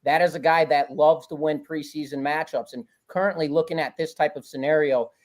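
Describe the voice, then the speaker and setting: A man's voice: fairly high pitch, fairly even intonation, a little fast. Talkative male betting handicapper. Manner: talkative, confident, rambling. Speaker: guest sports handicapper. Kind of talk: casual sports betting analysis.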